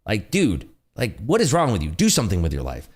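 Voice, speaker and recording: A young man hosting a trading livestream, reading out viewer questions and talking back to them. His voice sits fairly low but swings widely in pitch as he rants, and he leans on casual fillers throughout. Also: brisk, slightly rough. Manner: animated, ranting, with frequent fillers. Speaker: livestream day-trading host.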